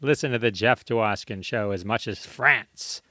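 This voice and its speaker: A man's voice: lowish voice, measured pace, bright, forceful tone, dry recording, clean studio sound. A man hosting his own comedy podcast, talking in a jokey, playful way with mock-ad patter. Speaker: podcast host.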